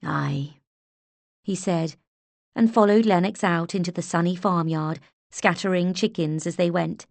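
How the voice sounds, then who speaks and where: A woman narrating an audiobook in a measured, unhurried way, close to the mic. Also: on the low side, fairly even intonation, no room sound. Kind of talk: scripted narration.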